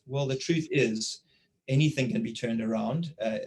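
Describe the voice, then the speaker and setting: A South African man in his forties interviewing over a video call, telling anecdotes in a lively way and often repeating words. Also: medium pitch, moderate pace, rough recording. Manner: animated storytelling, repeats words. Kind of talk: conversational interview.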